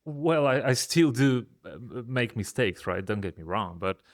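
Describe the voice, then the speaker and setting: A man from Poland, a software company founder, talking through business lessons in a thoughtful, hesitant way, often restarting his sentences. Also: mid-range voice, animated, normal speed, dry recording, clean studio sound. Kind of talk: casual business chat.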